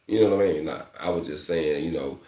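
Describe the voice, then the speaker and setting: A man's voice: a bass voice, fast talker, mellow, echoey room. A man teaching welding, talking candidly to his viewers in a casual vlog, often calling them "fam" and "you know". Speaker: welding instructor.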